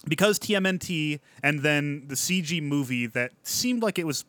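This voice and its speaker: A man's voice: on the high side, animated, moderate pace, fairly bright tone, dry recording. A man co-hosting a comedy podcast, rambling in casual banter with lots of filler words. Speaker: podcast co-host.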